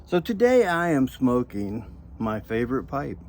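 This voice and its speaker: Slow, folksy man. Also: mid-range voice, darkish tone, slight background noise. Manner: folksy, rambling, jokey asides. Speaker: pipe tobacco reviewer. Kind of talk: casual video review.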